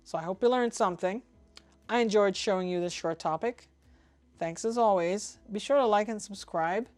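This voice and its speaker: A woman from Trinidad and Tobago, a ham radio vlogger, explaining things in an opinionated, casual way and spelling out call signs slowly. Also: mid-range voice, a little mellow, faint music behind. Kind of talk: casual explanatory talk to camera.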